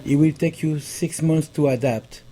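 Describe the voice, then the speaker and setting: A man with a thick French accent, a pastry chef guest, telling his story haltingly with many fillers. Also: fairly high pitch, steady tone, mellow. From France. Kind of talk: conversational interview.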